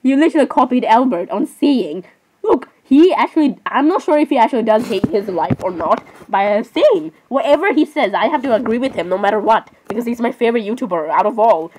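Woman narrating her game, rambly and apologetic, bit of a higher voice, argues with herself. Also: animated, fairly quick, a little mellow, slight background noise. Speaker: gaming channel host. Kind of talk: gameplay commentary.

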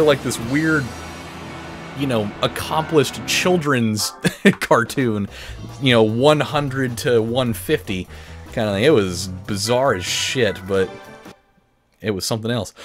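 A man hosting a let's play, telling a long story in a rambling way, full of fillers and profanity. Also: mid-range voice. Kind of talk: casual gameplay commentary, telling a story. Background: racing game music and engine sounds.

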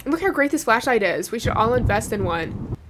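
A woman playing a horror game, talking to herself nervously and joking to calm her nerves. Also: on the high side, brisk, slight background noise. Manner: nervous, talks to herself, jokes to cope. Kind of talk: casual let's-play commentary. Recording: game music playing behind. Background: game music.

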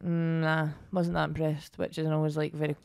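A woman's voice: sits low, flat delivery, normal speed, vocal fry, a little mellow, clean tone. A young woman co-hosting a podcast, chatting casually and often trailing off with "I don't know". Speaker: podcast co-host. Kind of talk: casual chat.

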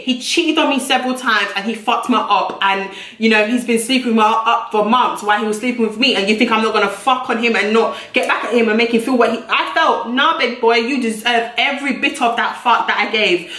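A woman's voice: a little high, sharp tone. A young woman, telling a storytime vlog in a blunt, brash way and swearing freely. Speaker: YouTuber. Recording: echoey room.

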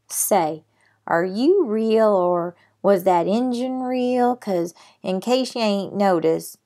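A woman voicing a soft-hearted, weepy cowboy man with a folksy Western American drawl. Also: mid-range voice. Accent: Western American drawl, put on.

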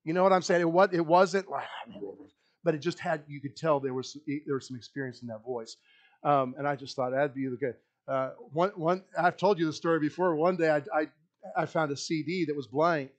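A male pastor preaches a sermon in a halting, rambling manner with many restarts, often sinking into a soft, low voice as he reflects.

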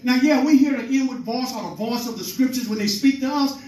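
High-voiced preacher man teaching loosely. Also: fairly quick, a little mellow. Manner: informal, calls on the congregation, retells scripture in plain talk. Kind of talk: teaching sermon. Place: meeting room with a congregation. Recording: echoey room, voice from far off.

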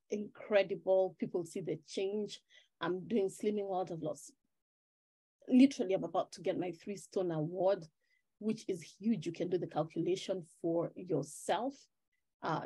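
A woman life-purpose coach giving an animated webinar talk, often asking "right?" and reading out viewers' names and chat replies. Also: medium pitch, slightly rough. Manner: animated, testimonial, keeps checking in with "right?".

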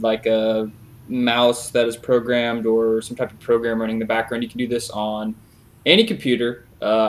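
Casual young man explaining a game trick. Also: medium pitch. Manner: relaxed, many "uh" fillers, chuckles. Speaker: gaming video creator. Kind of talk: casual game tutorial over a replay.

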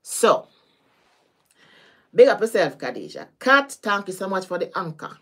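A woman's voice: medium pitch, measured pace, slightly rough. Caribbean woman chatting on a live stream. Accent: Caribbean, Jamaican-style patois. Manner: chatty and animated, swears freely, laughs often. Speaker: tarot reader. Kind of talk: casual live-stream chat with viewers.

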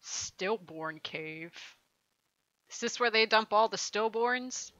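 Bright-voiced rambling woman streamer. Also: on the high side, flat delivery, normal speed, clean tone, muffled recording. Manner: rambling, profane, laughs often. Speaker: game streamer. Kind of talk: casual chat while playing a game.

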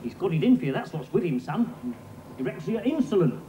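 A wry, sardonic warehouse hand. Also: male voice, high-pitched, sing-song, quick pace, dark tone. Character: wry older male warehouse worker Sid. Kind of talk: 1980s studio sitcom acting. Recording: roomy studio with background hiss.

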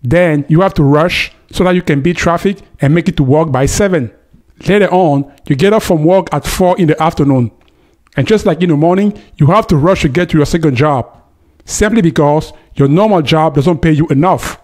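A man's voice: fairly high pitch, normal speed, a little mellow. A man hosting a commentary video, talking straight to the viewer with emphasis. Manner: emphatic, addresses viewer directly. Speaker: host. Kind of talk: commentary monologue.

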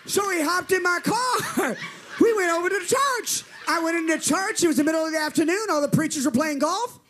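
A male preacher, telling a story in a sermon with animated delivery and calls for amens. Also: very high voice, fairly quick, slight background noise.

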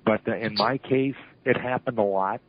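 Older man, husky and animated, acts out quotes mid-story, heard over a thin phone line. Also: fairly low pitch, normal speed. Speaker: retired wrestling referee, interview guest. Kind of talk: storytelling interview.

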